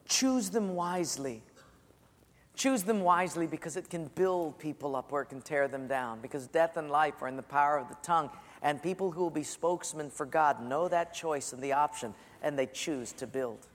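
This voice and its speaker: A man preaching a sermon, telling a story and sometimes dropping to a soft hush for quoted words. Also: on the high side, normal speed, long reverb tail. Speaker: pastor.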